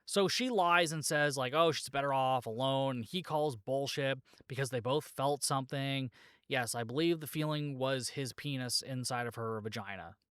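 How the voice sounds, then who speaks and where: In a clean, dry studio recording, a man speaks at normal speed with a smooth, medium-pitched, slightly bright voice. The podcast host loosely recounts a film plot, full of fillers and repeated "like," and cracks jokes that he laughs at himself.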